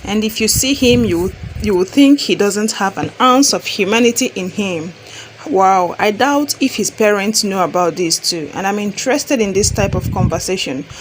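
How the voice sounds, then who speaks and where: Cheeky, stubborn Nigerian young wife, a woman reads her, sassy and mocking, mid-pitched. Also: normal speed, slight background noise, lightly acted.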